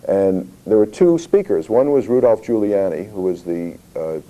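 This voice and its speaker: Deep mellow man telling anecdotes. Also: animated, moderate pace, rough recording. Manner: storytelling, acts out voices in quotes, many fillers. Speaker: comics publisher giving a talk. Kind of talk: anecdotal public talk. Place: historical society talk.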